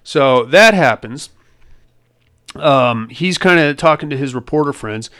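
Smooth-voiced man rambling through a film recap. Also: mid-range voice, animated, measured pace, fairly bright tone. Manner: rambling, crude and joking. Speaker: podcast host.

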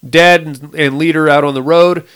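A podcast co-host recaps a movie in loose, crude, profane chat, animatedly acting out each character's lines in shifting voices. His smooth voice sits a touch higher than most men's, and he keeps a moderate pace.

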